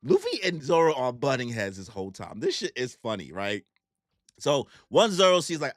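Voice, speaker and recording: A man's voice: mid-range voice, wildly swooping pitch, normal speed, no echo, clean studio sound. A man giving live manga reaction commentary in a casual, slangy way with swearing.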